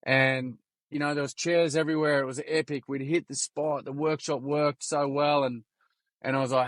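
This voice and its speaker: An Australian man, a podcast guest, chatting casually as an animated storyteller with plenty of slang, swearing and restarts. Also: fairly high pitch, moderate pace, no room sound. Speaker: podcast guest, youth workshop founder. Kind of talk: casual interview chat.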